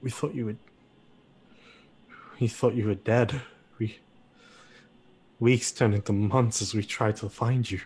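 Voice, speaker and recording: Brief: stern old knight and father, halting and stunned, voiced by a man; slow, husky delivery. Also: lowish voice, steady tone, darkish tone.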